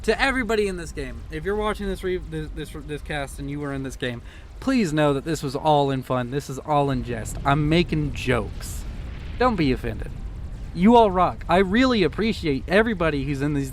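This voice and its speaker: A young man casting a strategy video game, excitable and joking, swearing freely as he reacts to the action. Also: fairly high pitch, a little hiss or hum. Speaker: game caster. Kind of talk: casual profane game commentary.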